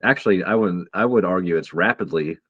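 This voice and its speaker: A man co-hosting a podcast in casual, profane, rambling chat that turns excitable. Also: deep voice, fairly quick, slightly rough, dry recording. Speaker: podcast co-host. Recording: dull lo-fi dry sound.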